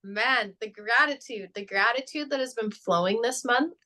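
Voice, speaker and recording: A woman's voice: fairly high pitch, moderate pace, bright, forceful tone. Affirming woman podcast co-host. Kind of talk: casual spiritual chat.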